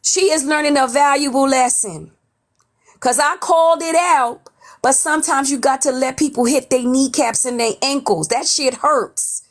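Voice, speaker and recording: A woman from New York with a high voice hosts a casual gossip livestream from home. She puts on a Southern drawl today and talks bluntly and sassily, cussing freely. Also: normal speed. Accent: put-on Southern drawl. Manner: blunt, sassy, cusses freely. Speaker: livestream host. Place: at home, off camera.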